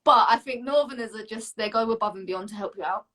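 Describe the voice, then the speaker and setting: A woman's voice: fairly high pitch, fast, a bit bright. A young woman from the south of England hosting an interview, chatty and enthusiastic. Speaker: host. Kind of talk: casual interview chat.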